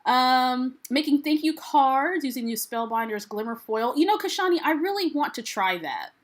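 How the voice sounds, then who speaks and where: A woman's voice: high voice, expressive, a little slow. An American woman hosting a casual live stream, reading viewers' comments aloud and greeting them in a chatty, upbeat way. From United States. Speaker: livestream host.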